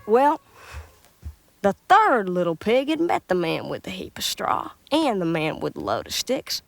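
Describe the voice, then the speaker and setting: A woman, reading a storybook aloud as a folksy, expressive storyteller. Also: fairly low pitch, unhurried, gravelly, no room sound. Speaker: narrator. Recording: loud music underneath.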